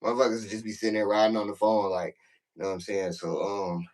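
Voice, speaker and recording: A man's voice: lowish voice, flat delivery, quick pace, darkish tone. A man telling a prison story in casual, profane talk, acting out the voices in the quotes.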